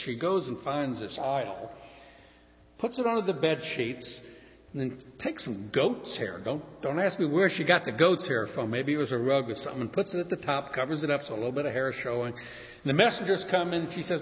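A male preacher delivers his sermon as a story, with lively asides and a rising and falling voice that sits a little high. The recording is muffled, and a long reverb hangs in the large hall around him. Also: normal speed.

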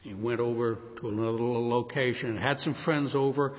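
A man preaching a sermon, telling a story with animated delivery and acting out the voices of the people in it. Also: mid-range voice, a little fast. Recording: dull sound in a hall with long reverb.

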